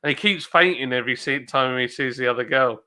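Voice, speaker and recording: A man's voice: mid-range voice, fairly quick, pushed and bright. A man hosting a casual livestream, chatting and reading viewers' comments aloud in a rambling way. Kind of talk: casual chat.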